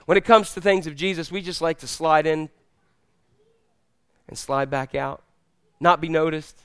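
A male pastor preaching a sermon, telling stories in an animated way and acting out the characters. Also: fairly high pitch, clean tone, dry recording, clean studio sound. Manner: animated storytelling, acts out characters.

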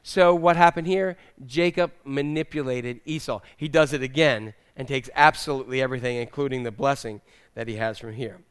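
A man's voice: mid-range voice, a little fast, clear, resonant tone. A man preaching a sermon in a humorous, conversational way, teasing the congregation. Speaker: pastor.

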